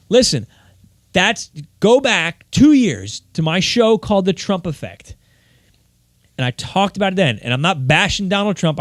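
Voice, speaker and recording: Man, solo podcast host, rambling and fired up, slightly high voice, dry close sound. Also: no echo. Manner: rambling, heated, many restarts.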